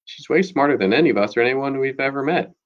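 A man's voice: mid-range voice, animated, quick pace, dull audio, pitched above the performer's own voice, lightly acted. A man voicing an earnest, loyal middle-school girl in a read-aloud chapter book. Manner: earnest, pleading.

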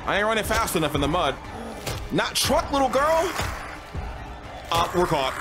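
A man's voice: on the high side, sing-song, unhurried, pauses often. A young man doing casual gaming commentary, jumpy and slangy, yelping and laughing at scares as he plays. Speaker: gaming streamer. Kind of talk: casual let's-play commentary. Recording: game music playing behind.

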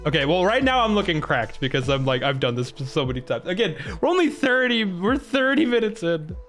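A man's voice: high voice, sing-song, brisk, fairly bright tone, soft background music. A young man casually commenting on his own gameplay during a live stream, often laughing and exclaiming to his chat. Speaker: gaming streamer.

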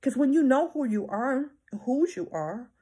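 Husky-voiced woman minister preaching emphatically. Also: high-pitched, animated, moderate pace, warm tone. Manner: emphatic, repeats phrases, often asks "right?". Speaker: minister and counselor. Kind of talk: preaching-style teaching talk.

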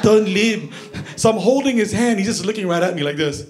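A male stand-up comedian on a club stage, animated, acting out his stories. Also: high-pitched, fast, very noisy. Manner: animated, acts out voices. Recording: echoey club with audience laughter.

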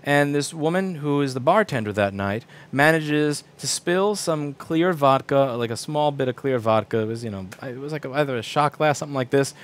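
A man's voice: mid-range voice, normal speed, hardly any pauses. A man in his thirties, a repair shop owner, ranting casually to camera, profane, acting out quoted people in shifting voices.

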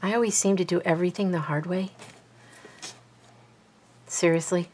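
A woman's voice: on the low side, fairly even intonation, moderate pace, a little mellow, slight background noise. A woman giving a hands-on craft tutorial, chatty and self-deprecating, muttering to herself as she works. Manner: mutters and whispers to herself while working. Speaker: bookbinding crafter.

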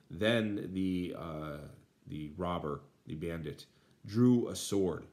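A man's voice: deep voice, slow, darkish tone. A man Latin teacher translating a textbook aloud, with many fillers and dry asides.

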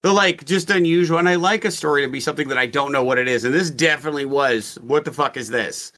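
A man with a fairly high, bright and forceful voice chats casually as a podcast co-host. He rambles, swears freely and cuts himself off mid-thought. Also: quick pace. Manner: rambling, profane, self-interrupting. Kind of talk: casual book discussion.

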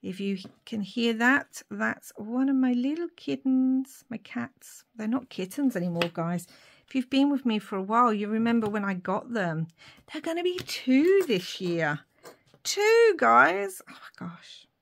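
A woman making a papercraft tutorial at her craft desk, thinking aloud as she works, with fillers and soft whispered asides. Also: fairly high pitch, normal speed, creaky. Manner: drops to soft whispers between remarks. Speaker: papercraft vlogger.

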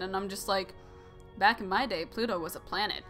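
A woman's voice: mid-range voice, steady tone, quick pace, fairly bright tone, faint music behind. Giggly young woman playing a game. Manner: giggly, joking, rambling asides. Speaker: let's play host. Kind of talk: casual gameplay commentary.

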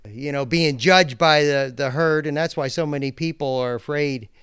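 A man's voice: fairly high pitch, moderate pace, a bit bright, smooth, no room sound, clean studio sound. A man speaking as a podcast guest, earnest and reflective in a casual conversation.

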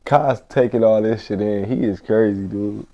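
A man's voice: lowish voice, steady tone, normal speed, dark tone, lo-fi sound. A man hosting a reaction video, talking in laid-back slang and repeating his phrases. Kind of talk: casual reaction commentary.

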